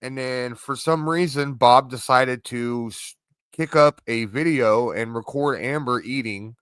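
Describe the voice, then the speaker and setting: A man hosting reaction commentary in a casual, halting way with plenty of fillers. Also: medium pitch, a bit bright, smooth, dry recording, studio quality. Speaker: commentary host.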